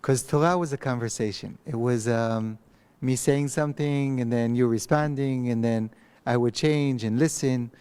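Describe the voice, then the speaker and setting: A man, giving a recorded text lecture in an empty study hall, speaking thoughtfully with pauses and restarts. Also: mid-range voice, darkish tone, clear, resonant tone. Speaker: rabbi teaching a text class. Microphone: microphone.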